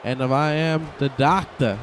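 A young man commentating his own wrestling video game, excitable and joking, swearing often. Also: medium pitch, unhurried, a little hiss or hum. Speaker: gaming channel host. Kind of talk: casual gameplay commentary.

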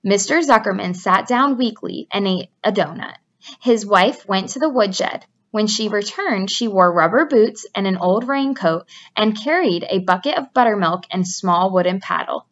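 A woman teacher reading a children's book aloud to her class, expressive and adding chatty asides. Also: mid-range voice, moderate pace. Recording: dull lo-fi recording.

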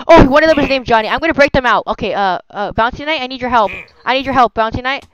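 A woman hosting a gameplay video, chatting casually and crying out in excitement whenever danger strikes. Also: fairly high pitch, quick pace, hardly any pauses, low-quality recording. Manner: excitable, yelps and cries of no at danger. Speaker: gaming video host. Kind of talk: casual Minecraft gameplay commentary.

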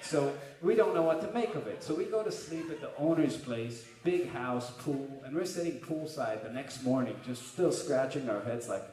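A man's voice: mid-range voice, lively intonation, normal speed, darkish tone. A man, a guitarist, telling a casual, swearing comic story on stage between songs at a live music venue, on a stage mic. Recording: roomy live venue from far off.

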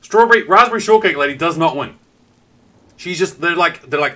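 Bright-voiced New Zealand man, swearing. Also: on the high side, brisk. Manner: animated storytelling, swears often. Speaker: streamer. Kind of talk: casual live-stream chat.

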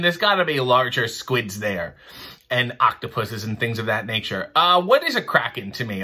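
Bright-voiced man with dry mock-pompous humor. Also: medium pitch. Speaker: host answering viewer questions. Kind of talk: casual chat.

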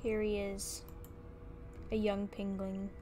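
A woman's voice: mid-range voice, monotone, slow pace, mellow, slight background noise. A young woman giving playful, chatty commentary while streaming a video game, often exclaiming and talking to the creatures on screen.

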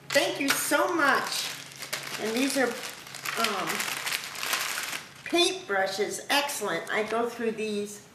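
A woman vlogger opening a craft package at home, gushing with thanks in a casual, excited chat. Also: fairly high pitch. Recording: echoey room with background noise.

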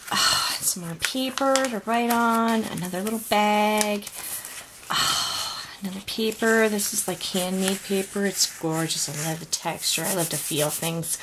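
A woman's voice: medium pitch, noisy background. A woman opening a craft swap package on video, gushing and gasping with delight at each item. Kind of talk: unboxing vlog.

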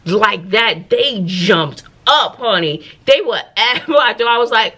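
A woman teacher with a Southern US accent, chatting in a casual vlog from her classroom, animated, with folksy asides. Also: mid-range voice, a little slow, few pauses. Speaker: teacher and vlogger. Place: classroom at school.

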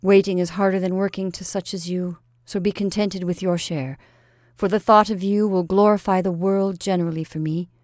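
A woman's voice: lowish voice, fairly even intonation, moderate pace, a little mellow, dry recording, studio quality, close to an everyday voice. A woman voicing a young male soldier who is proud and teasing, speaking boastfully and earnestly to his sweetheart.

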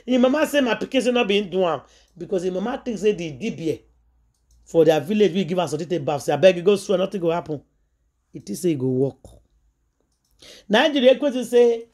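A woman's voice: medium pitch, expressive, a little fast, pauses often, darkish tone. A woman with a Nigerian accent, a vlogger telling a story to her followers in an emphatic way and acting out the quoted voices.

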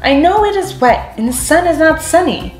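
A woman's voice: very high-pitched, expressive, moderate pace, pitched above the performer's own voice. A woman voicing a playful male cat in a hat in a storybook, speaking in upbeat rhymes. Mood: cheery. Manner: upbeat rhyming invitations. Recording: echoey room, soft music behind.

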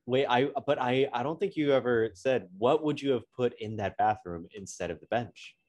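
A man's voice: medium pitch, normal speed, darkish tone. A man co-hosting a podcast, throwing in dry, teasing quips during casual chat. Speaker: podcast co-host.

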